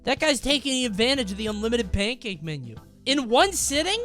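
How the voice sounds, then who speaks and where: A young man with a high voice reacts to viewer stories on his stream in loose, animated commentary. He groans, exclaims and swears freely. Soft music plays faintly behind him. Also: brisk.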